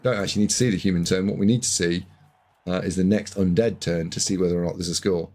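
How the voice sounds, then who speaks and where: A man casting a video game match, excitable, jumping from loud shouts to muttered asides. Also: low-pitched, fast. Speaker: game caster.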